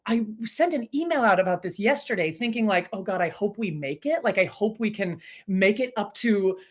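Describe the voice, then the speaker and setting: A woman hosting an online improv show from her living room over a video call, chatty and bubbly, giving shout-outs and easily distracted. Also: mid-range voice, expressive, normal speed. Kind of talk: live stream welcome and shout-outs.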